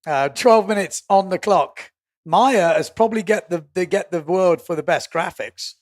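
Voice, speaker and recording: Calling a windsurfing event live, an Englishman keeps up jokey banter, laughs easily and drops quick asides between calls. His voice is high-pitched. It's a dry, studio-quality recording.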